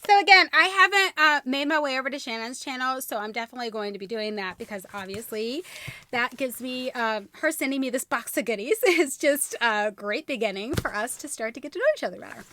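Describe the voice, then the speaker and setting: A young woman chats through an unboxing, her high voice leaping about as she gushes and squeals over each gift. The tone is bright and sparkly, and a faint hiss sits under the recording. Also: expressive, brisk. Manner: gushing, squealing with delight. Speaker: YouTube host unboxing a gift box. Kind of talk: bubbly unboxing vlog.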